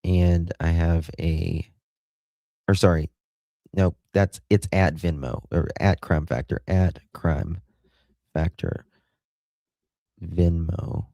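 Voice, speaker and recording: A low, gravelly, mellow-voiced American man hosts a livestream, speaking slowly in a steady tone with frequent pauses, captured in a dry recording. He chats casually and affectionately while reading viewer comments, thanking people by name and laughing often.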